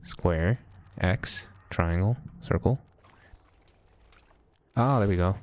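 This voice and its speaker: A man hosting a let's play, chatting casually and thinking aloud as he plays, often pausing with hesitations. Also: deep voice. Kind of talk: casual gameplay commentary.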